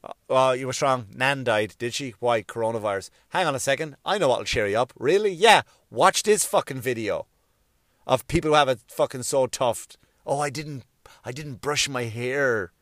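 A man doing a profane comic rant, swearing constantly and mimicking people in quick bits. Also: medium pitch, expressive, fairly bright tone, no echo, clean studio sound. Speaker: comedian.

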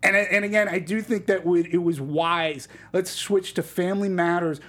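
A woman hosting a casual panel film review, chatty and halting with restarts. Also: fairly low pitch, steady tone, fairly bright tone. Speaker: host.

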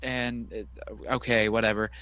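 On a casual wrestling podcast, a co-host recaps a show and does silly impressions of the people in it. His voice is on the low side, pushed and bright, with a flat delivery at a moderate pace, and the recording has no echo.

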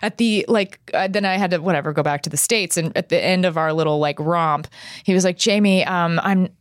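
A woman's voice: fairly low pitch, fairly quick, no echo, clean studio sound. A woman from Texas in her thirties, co-hosting a casual chat and telling a story in a rambling way, with lots of "like" and restarts. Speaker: podcast co-host.

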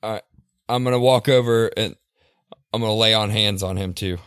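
A man playing a tabletop game, joking around and quick to laugh. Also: fairly low pitch, steady tone, fairly bright tone, smooth, no echo, studio quality. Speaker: player. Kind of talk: casual tabletop game banter.

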